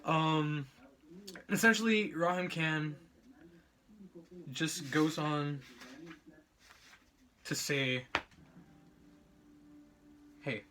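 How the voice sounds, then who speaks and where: A man's voice: fairly high pitch, steady tone, drawn-out words, pauses often, pushed and bright. A young man giving a casual student presentation on a book chapter, rambling with lots of fillers and self-corrections.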